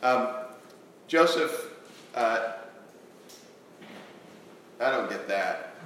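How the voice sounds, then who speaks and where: A man's voice: medium pitch, extremely slow. Male pastor, sermon, earnest, questioning, echoey church hall, faint room hum. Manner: questioning the congregation, earnest and animated. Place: church sanctuary.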